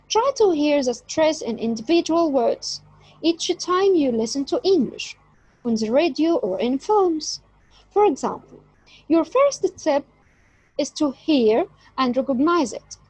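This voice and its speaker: A woman teaching an English lesson, speaking deliberately and stressing key words. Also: high-pitched, darkish tone, no echo, low-quality recording. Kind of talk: slow explanatory lesson.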